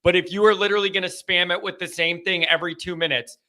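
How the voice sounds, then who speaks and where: A man hosting a live call-in show, chatting loosely and rambling, with an animated, anxious edge. His voice sits high and comes across very bright and sharp. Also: fast talker. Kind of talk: casual live chat.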